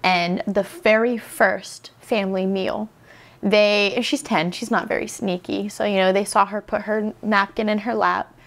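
A woman hosting an interview, telling a story in an emotional, animated way. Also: medium pitch, unhurried, gravelly. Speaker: podcast host. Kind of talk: conversational interview.

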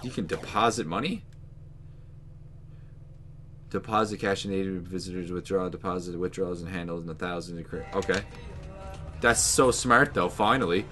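A man hosting a gaming channel, giving let's play commentary with excitable, swearing outbursts. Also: deep voice, fairly quick, pauses often, soft background music.

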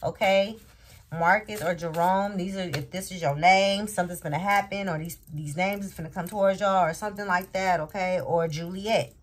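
A woman's voice: fairly low pitch, steady tone, normal speed. A woman giving a casual tarot reading, rambling and asking "okay?" again and again. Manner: rambling, repeats "okay?" often. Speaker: tarot reader.

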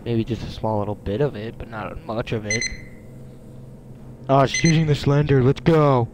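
A young man commentating his own game live, excitable and swearing, whining at the other players. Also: mid-range voice, normal speed, background noise. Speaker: gamer.

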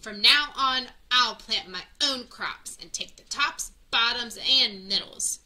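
A woman's voice: fairly high pitch, big pitch swings, a little slow, pushed and bright, heavily acted. A woman voicing a grumpy, sleepy male bear in a storybook, complaining indignantly.

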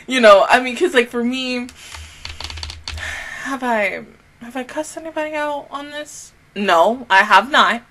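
A young woman rants through a casual reaction video in a bright, slightly high voice. She swears freely, jumps between loud outbursts and low mutters, and mimics other people in quick put-on voices. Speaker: YouTuber reacting to anime.

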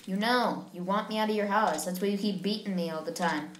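A woman's voice: medium pitch, a little fast, slight background noise. Chatty woman narrating a game, roomy sound. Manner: chatty, giggly, talks to viewers. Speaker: gaming channel host. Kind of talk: casual let's-play commentary.

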